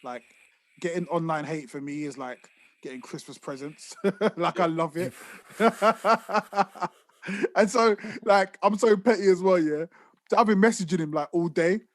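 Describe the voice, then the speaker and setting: A man's voice: high-pitched, a little slow, dry recording. A man co-hosting a podcast, telling stories in casual, swearing chat. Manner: swearing, animated storytelling. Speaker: podcast co-host.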